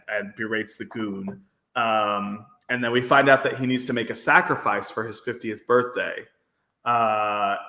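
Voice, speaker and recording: A man's voice: on the low side, bright, forceful tone, reverberant. Chatty man with a faint Brooklyn accent. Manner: rambling, filler-heavy, laughs often. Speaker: podcast co-host. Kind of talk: casual recap chat.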